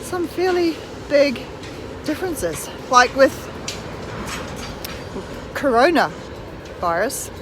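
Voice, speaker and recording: A woman's voice: sits high, very animated, drawn-out words, pauses often, background noise. A woman in her thirties from New Zealand with a New Zealand accent, chatting casually as a vlogger while walking outdoors and filming on a phone. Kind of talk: casual chat.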